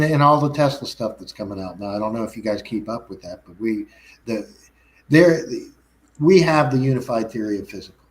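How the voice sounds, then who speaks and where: Talk show guest, male, mid-pitched, rambling delivery full of restarts. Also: low-quality recording. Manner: rambling, frequent restarts and self-corrections. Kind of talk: casual chat.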